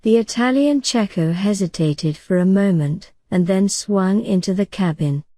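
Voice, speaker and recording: A woman narrating an audiobook in a calm, soothing bedtime reading style. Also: medium pitch, measured pace, no echo.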